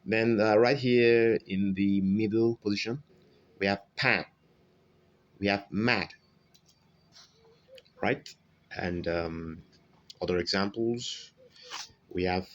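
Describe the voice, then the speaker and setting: Slow, deep-voiced male pronunciation teacher. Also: dull audio. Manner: slow, repetitive, modelling sounds, frequent "okay?" check-ins. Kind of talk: online phonetics lesson.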